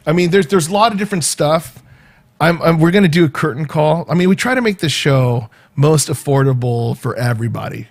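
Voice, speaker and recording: Rambling Southern California man chatting casually. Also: medium pitch. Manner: rambling, repeats words, talks to live commenters by name. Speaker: show host and event organizer. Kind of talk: casual chat to viewers.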